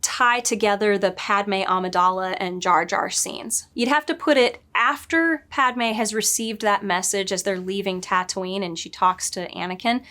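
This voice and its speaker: A middle-aged woman talking casually to camera as a story editor. She thinks aloud as she goes, catches and corrects herself often, and laughs lightly at her own tangents. Her pitch sits in a middling range for a woman. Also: moderate pace, few pauses, pushed and bright.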